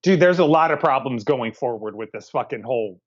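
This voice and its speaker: A man's voice: medium pitch, animated, a little fast, dull audio, faint music behind. A man co-hosting a movie podcast, laid-back and crude, with hesitant starts. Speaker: podcast co-host. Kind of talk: casual movie review chat.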